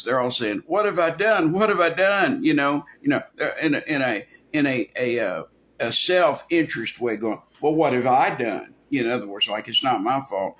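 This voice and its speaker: Preaching an expository sermon verse by verse, this pastor has a fairly low, somewhat bright voice. He delivers it folksily, imitating the voices he quotes and frequently starting sentences over.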